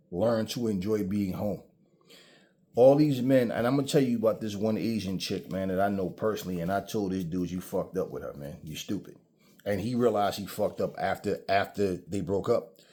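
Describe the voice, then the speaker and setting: A man's voice: lowish voice, mellow. A man hosting his own channel, giving a blunt, profane, preachy monologue about relationships and telling stories. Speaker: channel host. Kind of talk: casual ranting monologue.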